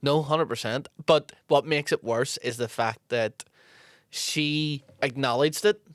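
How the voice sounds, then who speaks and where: A man, co-hosting a casual podcast, chiming in with laughs and quick agreement. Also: medium pitch, dry recording, studio quality. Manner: lively, laughs often, quick agreeing interjections. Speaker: podcast co-host. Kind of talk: casual chat.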